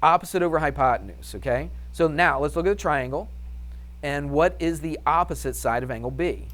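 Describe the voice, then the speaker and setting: A man's voice: a little high, lively intonation, a little fast, fairly bright tone. A man teaching a math class, upbeat and chatty, firing questions at the students and answering them himself. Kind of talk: classroom lesson.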